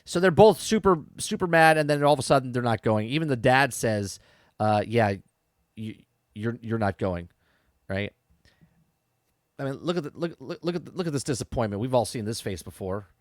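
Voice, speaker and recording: A man talks through an episode in a loose, chatty recap, often restarting his sentences and checking in with the listener. His voice sits at an ordinary middle pitch. It is recorded close and dry, with no room sound around it. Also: lively intonation, fairly quick, dry recording. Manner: chatty, repeats words and restarts, frequent "okay?" and "right?" asides. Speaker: podcast host reviewing a TV episode. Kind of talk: casual recap and commentary.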